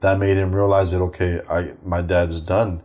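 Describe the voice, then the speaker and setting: A middle-aged male comedian telling profane, animated family stories, acting out the voices of the people in them. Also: sits low, moderate pace. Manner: animated, acts out quoted voices, swears freely. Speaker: stand-up comedian, guest. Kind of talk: profane anecdotal storytelling.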